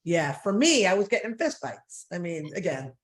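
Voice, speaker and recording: A woman in her forties from New Jersey, a guest author in a casual interview, animated and laughing with quick asides. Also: lowish voice.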